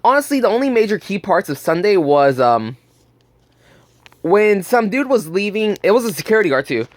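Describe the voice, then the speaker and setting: A man's voice: sits high, sing-song, moderate pace, no room sound. A young man telling a blunt, profane story about work in a casual vlog. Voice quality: burping, just ate. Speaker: gaming channel host.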